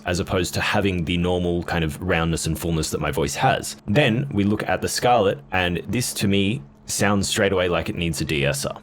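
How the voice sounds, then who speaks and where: A man's voice: deep voice, moderate pace, a little hiss or hum. A man casually demoing and comparing guitar gear, blunt and offhand in his comments. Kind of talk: casual gear demo talk.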